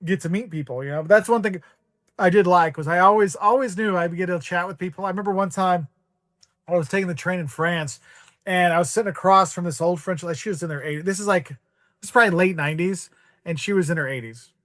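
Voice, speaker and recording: A man, a podcast guest, telling casual travel anecdotes in an animated way, acting out the voices of the people in them and using "like" a lot. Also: high voice, quick pace. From United States. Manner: animated, acts out quoted voices, heavy use of "like".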